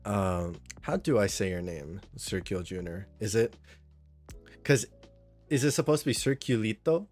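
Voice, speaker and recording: A man's voice: fairly low pitch, expressive, a little slow, darkish tone, soft background music. A man streaming a game live, chatting casually with viewers in a rambling, friendly way and reading chat aloud.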